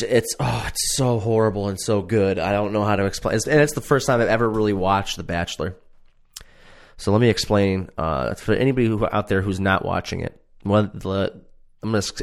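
A man's voice: fairly low pitch, a little fast, vocal fry. A man casually ranting about a reality show he watched, profane, sarcastic and exasperated. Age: adult. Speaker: show reviewer.

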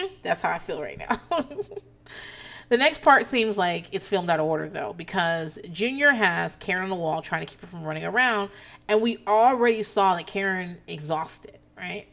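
Animated woman recapping with frequent laughter. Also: mid-range voice. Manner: animated, profane, laughs often. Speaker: TV recap host. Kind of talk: casual reality TV recap.

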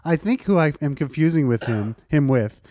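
A man co-hosting a podcast in relaxed banter. His voice is fairly high and bounces all over in pitch, and the sound is dry and close. He jokes back playfully and breaks into giggles easily. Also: no room sound. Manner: playful, giggly, quick to laugh. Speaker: podcast co-host. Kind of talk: casual banter.

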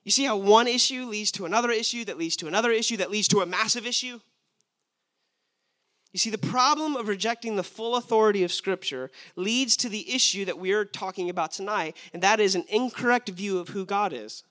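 Bright-voiced emphatic male preacher. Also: high-pitched, a little fast. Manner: emphatic, asks the audience rhetorical questions. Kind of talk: sermon.

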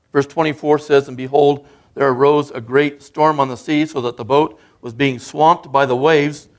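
A man preaching a sermon as a guest speaker, in an earnest, conversational way that builds in emphasis. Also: a little high.

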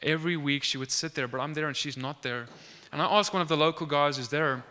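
Bright, clear young man telling a testimony. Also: on the high side, quick pace. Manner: earnest, lots of restarts and acted-out dialogue. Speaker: student sharing a faith testimony. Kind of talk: animated testimony storytelling.

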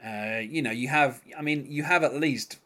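A man's voice: mid-range voice, normal speed, bright, forceful tone. A man chatting casually as a podcast host, full of fillers and restarts. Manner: hesitant, many fillers and restarts. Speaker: podcast host reviewing music. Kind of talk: casual chat.

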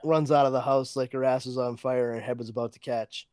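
A man co-hosting a casual podcast, retelling a horror comic in an animated way with quick asides. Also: mid-range voice, no echo, clean studio sound. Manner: animated storyteller, quick asides, laughs often. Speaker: podcast co-host. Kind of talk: casual comic book review chat.

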